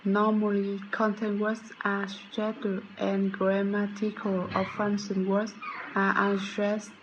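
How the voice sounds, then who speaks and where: A woman reading a prepared lesson on sentence stress, flat and steady with slight stumbles. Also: mid-range voice, slow pace, highs cut off, noisy background. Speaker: student presenter.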